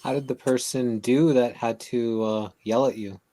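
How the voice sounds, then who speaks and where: A woman asking halting, hesitant questions from the listener's side of a conversation. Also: very deep voice, fairly even intonation, dark tone.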